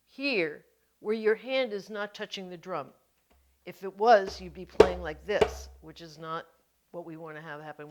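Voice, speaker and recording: In an instructional video, a woman with a lowish voice teaches hand drumming technique, walking through each step gently and patiently.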